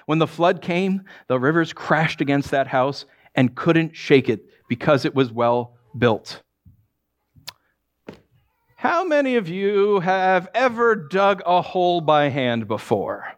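A pastor delivering a sermon, his voice pitched a touch high for a man and swinging widely up and down. He preaches conversationally, dropping in jokes and asides to the congregation. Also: very animated, slow.

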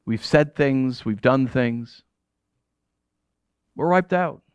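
A middle-aged pastor giving a sermon in a conversational, jokey way, often asking the audience questions. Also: male voice, mid-range voice, takes it slowly, clear, resonant tone, no room sound.

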